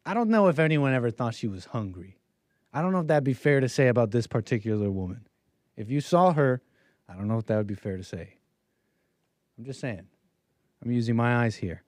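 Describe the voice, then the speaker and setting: A man's voice: medium pitch, expressive, fairly quick, a little mellow, dry recording. A young man hosting a livestream, telling a casual, rambling story in a wry way and slipping into voices when he quotes people. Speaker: livestream host.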